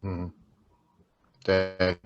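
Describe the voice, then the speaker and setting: A man co-hosting a podcast, talking about a reality show in a relaxed, agreeable way with quick backchannels. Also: sits low, clean tone, lo-fi sound. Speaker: podcast co-host. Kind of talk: casual chat recapping a reality show.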